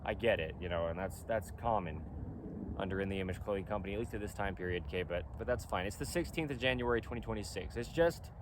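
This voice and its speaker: Fast and fairly low-pitched, this man is a company founder filming a casual vlog outside. He hammers his points home insistently, saying them again and again, while faint wind and traffic noise hum behind him.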